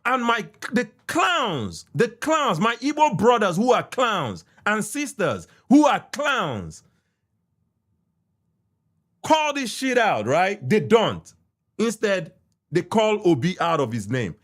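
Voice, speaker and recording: A Nigerian man with a Nigerian accent, a podcast host giving heated, repetitive commentary that swings from shouts to muttered asides. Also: high voice, sing-song, slow pace.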